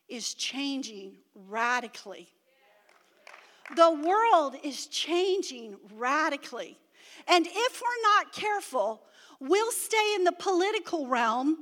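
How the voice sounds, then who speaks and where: A middle-aged woman preaches to a church with a very high, bright voice. Her testimony is animated, swinging up to shouts. The sound carries long reverb from a big church hall. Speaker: pastor's wife preaching. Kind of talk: sermon.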